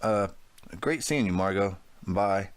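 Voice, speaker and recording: A man's voice: low voice, takes it slowly, smooth. A man doing an earnest, hesitant teenage boy.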